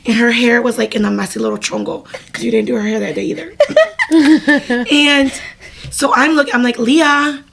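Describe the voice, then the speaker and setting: A woman's voice: a little high, fairly even intonation, normal speed, gravelly, fairly bright tone, slight background noise. A young woman co-hosting a podcast, telling a story in casual chat with lots of laughing and fillers. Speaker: podcast co-host.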